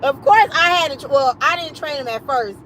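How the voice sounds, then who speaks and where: A high-pitched woman spins a casual story on her livestream. She swears freely and slips into the voices of the people she quotes, with faint street and car noise behind her. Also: fairly quick, poor audio. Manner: animated, profane, acts out quoted voices. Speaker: livestream host.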